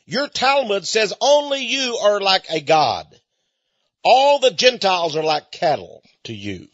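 A man's voice: high-pitched, very animated, measured pace, a bit bright, no room sound. A man from Texas, a radio host, speaking in a folksy conversational monologue and chuckling often. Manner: folksy storytelling with frequent chuckles. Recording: dull lo-fi recording.

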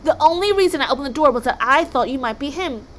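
A woman's voice: sits high, animated, fast talker, slight background noise, pitched above the performer's own voice. A woman voicing a busy, snappish male sea god who cooks for the gods. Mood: impatient. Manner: snappish, fussy.

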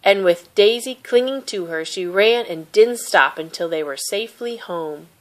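A woman reading a children's picture book aloud with gentle, expressive narration. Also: mid-range voice, normal speed. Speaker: storybook reader.

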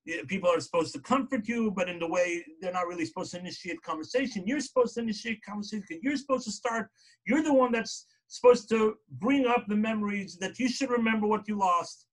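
Man, high-pitched voice, religious lecture, storytelling, repeated "right?" tags, emphatic quotes. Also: fast talker. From lived in Israel. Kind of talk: sermon-style lecture.

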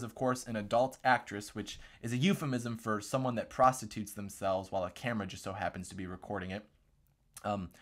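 A man's voice: lowish voice, a bit bright. A man hosting a political commentary vlog, talking in a sarcastic, mocking way.

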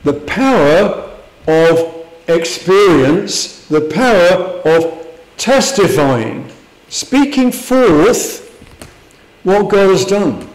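A man's voice: high-pitched, expressive, very slow, echoey room, low-quality recording. A man preaching a sermon in a church, earnest and full of rhetorical questions. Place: church hall.

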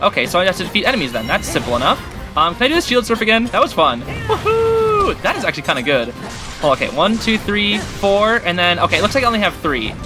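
A man hosting a gaming channel, giving excitable, chatty commentary while he plays and talks to the characters on screen. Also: high voice, fast. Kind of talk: casual gameplay commentary. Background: game music.

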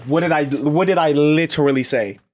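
A man's voice: fairly high pitch, a little fast, a little hiss or hum. A young man reacting to an anime episode, casual and profane, anxiously exclaiming and pleading. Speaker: reaction video host. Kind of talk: live reaction commentary.

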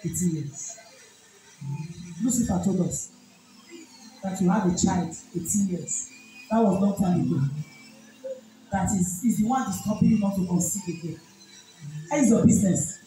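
A woman's voice: mid-range voice, normal speed, pauses often, dark tone. Nigerian lady pastor doing deliverance, bossy repeated commands, very echoey far-off church sound, bit of music. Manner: commanding, repetitive rebuking commands. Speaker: pastor leading a deliverance session. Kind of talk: deliverance ministration.

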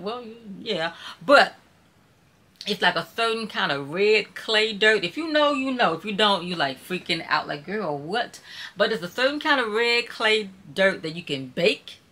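A chatty woman with a Mississippi Southern accent, talking casually to her live-stream viewers in a bright, forceful voice. She rambles in a warm, folksy way, calling her audience "child" and "y'all". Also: mid-range voice. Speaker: YouTuber hosting a live stream.

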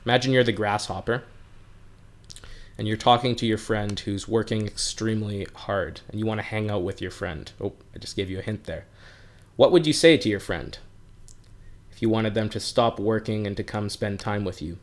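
A man's voice: on the low side, moderate pace. A man teaching English on a livestream from home, explaining words plainly and chatting with his viewers in a friendly way. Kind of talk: live-streamed language lesson.

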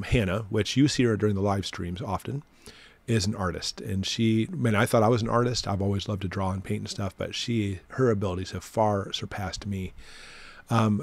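A man's voice: lowish voice, a little mellow, no echo. A middle-aged man hosting a channel, telling a story in a casual monologue with many fillers and flashes of indignation. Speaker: host.

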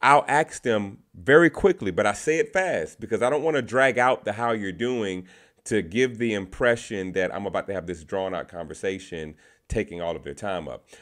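A man with a fairly low voice talks straight to his viewers in a loose, conversational way. He shares advice from his own sales calls and circles back on words as he thinks. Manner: conversational, repeats words, restarts phrases. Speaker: sales representative sharing tips. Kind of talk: casual talking-to-camera advice.

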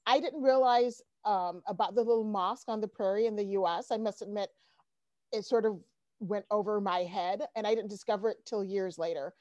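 A woman's voice: mid-range voice, a little mellow, no room sound. Chatty woman host on dull dry audio. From Iowa, USA. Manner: chatty, many "um" pauses. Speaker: interviewer, host. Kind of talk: casual interview chat.

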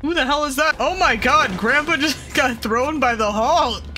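A gaming creator voicing loud, profane, laughing reactions while playing through a game. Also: sits high, normal speed, a little hiss or hum. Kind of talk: let's play commentary.

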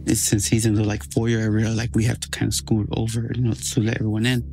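Gravelly man recounting a tense story. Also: lowish voice, completely flat delivery, darkish tone. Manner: halting, filler-heavy retelling. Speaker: podcast storyteller. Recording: podcast clip with music underneath.

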